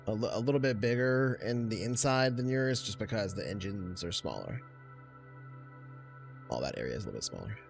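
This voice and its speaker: A man's voice: lowish voice, animated, a little fast, gravelly, faint music behind. A man running a tabletop game as game master, explaining things in a casual way.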